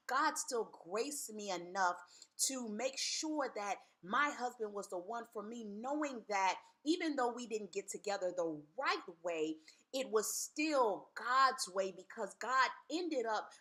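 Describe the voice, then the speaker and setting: Woman, Christian vlogger; bright, clear tone, earnest and candid, casual delivery. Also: mid-range voice, lively intonation, measured pace. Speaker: Christian vlogger giving marriage advice. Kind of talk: casual faith talk to camera.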